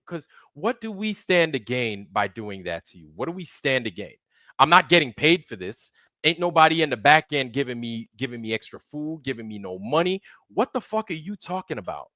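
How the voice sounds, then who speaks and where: Heated man, livestream host, swearing tirade, dry close mic, lively pitch. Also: no echo. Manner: heated, profane, repetitive. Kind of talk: angry livestream rant.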